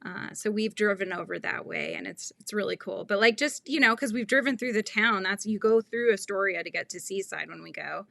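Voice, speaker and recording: A woman in her thirties chats through a crochet tutorial, rambling between topics and laughing easily. Her voice is bright and forceful with a gravelly fry. It is recorded close and dry, with no room sound. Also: mid-range voice, brisk, hardly any pauses, no echo. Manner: chatty, rambling, laughs often, reads viewer comments. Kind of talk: casual livestream chat while crocheting.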